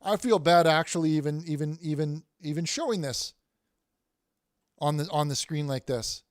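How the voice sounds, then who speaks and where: A man's voice: a little high, moderate pace, no room sound, studio quality. A man hosting a casual livestream, reading viewer messages aloud with many restarts and repeated words. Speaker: livestream host reading chat.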